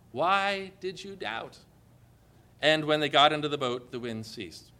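Man, pastor, sermon, bright, forceful, dramatic quoted voices. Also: a little high. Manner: animated, acts out quotes in changing voices.

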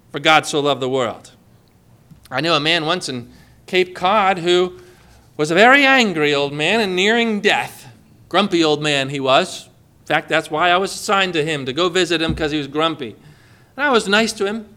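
A man's voice: sits high, pushed and bright. A man preaching a sermon, emphatic and acting out the people he quotes. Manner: emphatic, acts out quoted voices.

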